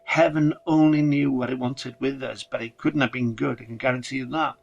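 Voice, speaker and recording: A man's voice: medium pitch, steady tone, fairly quick, gravelly, muffled recording. A man narrating a first-person horror story dramatically, with casual swearing.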